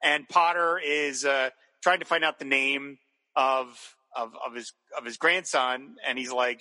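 A man's voice: medium pitch, fairly even intonation, unhurried, bright, forceful tone, in a large hall. A man co-hosting a podcast, chatting casually and enthusiastically about a TV episode, with rambling restarts. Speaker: podcast co-host. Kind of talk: casual chat recapping a TV episode.

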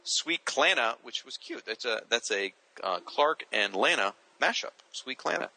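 A man hosting a podcast, casually reading out listener shout-outs and stumbling over names now and then. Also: medium pitch, lively intonation, a little slow, creaky, poor audio. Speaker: podcast host.

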